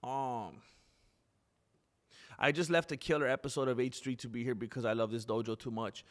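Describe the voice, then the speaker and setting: A man's voice: mid-range voice, fairly even intonation, moderate pace, a bit bright. A man hosting a live stream in casual chat, rambling, reading viewer names aloud and correcting himself as he goes.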